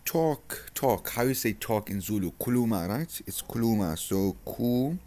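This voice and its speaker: A man's voice: lowish voice, lively intonation, normal speed, warm tone. A man tutoring a Zulu lesson online, spelling words letter by letter and asking rhetorical questions as he explains.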